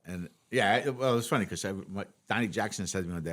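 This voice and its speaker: Male host, low voice, casual chat, quick agreements. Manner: frequent short agreements, relaxed anecdotes. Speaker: podcast host.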